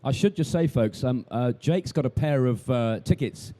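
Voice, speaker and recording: A man's voice: mid-range voice, animated, normal speed, warm tone. A man interviewing a guest on a live stage, easygoing and dry, with hesitant fillers.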